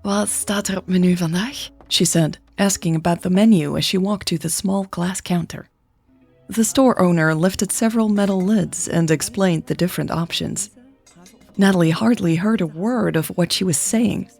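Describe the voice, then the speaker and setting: A woman reads a romance story aloud in a calm, even storytelling manner. Her voice is fairly low and carries a gravelly fry. Faint music plays under her reading. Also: moderate pace. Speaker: podcast host and narrator.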